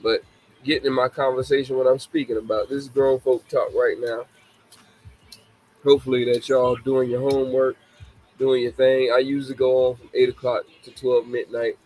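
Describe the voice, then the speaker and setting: A man's voice: mid-range voice, flat delivery, normal speed, darkish tone, poor audio. Man in his forties, show host, casual live chat, laughs a lot, apologetic asides. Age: 40s. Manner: laughing often, apologetic, addressing children as babies. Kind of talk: casual livestream talk.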